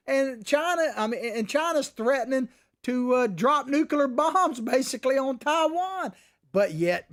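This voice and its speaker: Middle-aged male host, high voice that swings all over, folksy and combative. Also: fairly bright tone. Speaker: commentary show host. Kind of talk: opinionated political commentary.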